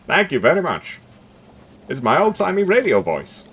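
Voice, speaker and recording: A man voicing a cheery old-timey male radio announcer with a transatlantic accent, in a booming, showy delivery. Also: huge pitch swings, moderate pace, fairly bright tone, breathy edge, exaggerated voice. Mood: proud.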